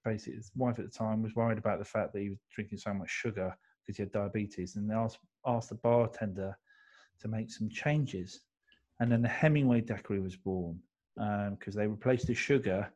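A man's voice: on the low side, steady tone, fairly quick, darkish tone. A man, co-hosting a casual chat and rambling through history with fillers and jokes. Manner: rambling, jokey storytelling with many fillers. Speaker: co-host.

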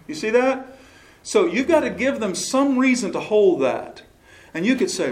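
Leading a choral workshop, this man explains, asks questions, and now and then sings a brief phrase as a demonstration. His voice sits high and sing-song at a moderate pace, recorded in an echoey room.

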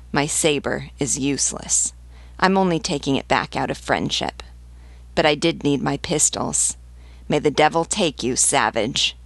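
A swaggering, scornful soldier, read by a woman narrator taunts in a creaky, gravelly voice. His tone mocks and sneers. The recording is dry and close, like a storybook read aloud. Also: sits low, no echo, heavily acted. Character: brash mocking wounded male soldier.

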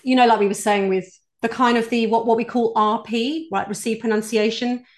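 A woman's voice: fairly high pitch, steady tone, a little fast. A British woman, a voice coach, answering interview questions in an earnest, explanatory way. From United Kingdom. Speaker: executive voice coach, guest.

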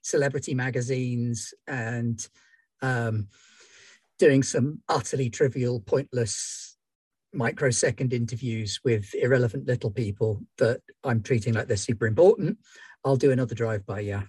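Guy player in a tabletop game, husky voice, formal in-character talk, dry sound. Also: medium pitch, darkish tone, no room sound. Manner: formal, measured in-character speech. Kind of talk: in-character role-play.

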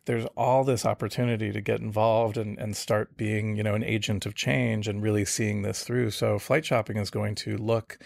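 A man's voice: on the low side, little pitch movement, normal speed, gravelly, hardly any pauses, a little mellow, no room sound. A middle-aged man, a startup founder, answering interview questions in a reflective way with many fillers and restarts.

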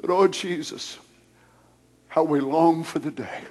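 A man preaching and praying in a sermon, moving from hushed whispers to loud shouts. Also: on the high side, takes it slowly. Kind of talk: sermon prayer.

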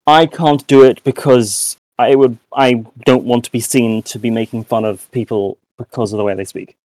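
A man's voice: mid-range voice, fairly even intonation, moderate pace, darkish tone, no room sound, rough recording. A young British man, a podcast co-host, talking in a rambling casual way with many restarts and self-mocking asides. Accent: British English. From United Kingdom. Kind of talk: casual chat.

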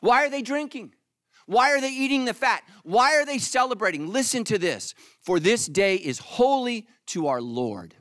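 Lively high-pitched man preaching. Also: no echo, studio quality. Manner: animated, joking, acts out the congregation in mock voices. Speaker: pastor. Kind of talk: sermon.

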